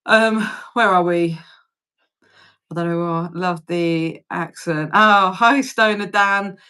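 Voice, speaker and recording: A woman's voice: fairly low pitch, slow, pushed and bright, clean tone. A British woman in her forties hosting a casual livestream chat, talking loosely, laughing often and swearing freely. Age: 40s. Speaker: livestream host.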